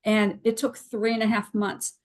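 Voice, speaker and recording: A woman's voice: medium pitch, little pitch movement, moderate pace. A woman hosting a webinar on a video call, conversational and encouraging as she calls on participants. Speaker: webinar host.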